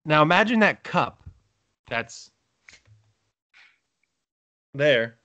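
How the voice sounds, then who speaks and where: A man's voice: on the high side, sing-song, extremely slow, sharp tone, dry recording, dull audio. A young man co-hosting a podcast, rambling in crude casual chat, cursing and joking. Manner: rambling, profane, jokey, laughs a lot. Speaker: podcast co-host.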